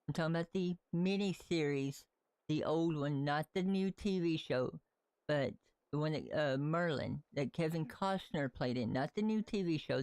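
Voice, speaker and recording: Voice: medium pitch, darkish tone, clean tone, no room sound. Chatty, rambling livestreamer. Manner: rambling, chatty, talks to characters in the game and to viewers. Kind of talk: casual live gameplay chat.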